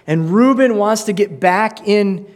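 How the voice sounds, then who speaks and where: A man's voice: high-pitched, unhurried. A man preaching as a pastor, earnest, often restarting words and acting out quoted voices. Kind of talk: sermon with Bible reading.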